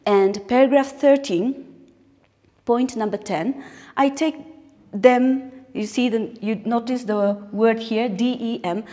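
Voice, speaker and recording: A woman teaching an English lesson in Indian English, explaining new words slowly and repeating phrases. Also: fairly high pitch, warm tone. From Nagaland, India. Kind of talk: recorded classroom lesson. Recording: long hall-like reverb.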